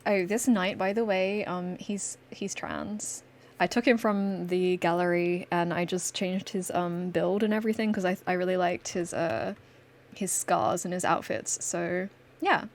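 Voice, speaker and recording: A woman's voice: on the low side, fairly even intonation, unhurried. A woman hosting a gaming channel, chatting casually and storytelling through her gameplay. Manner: chatty, storytelling, laughs often.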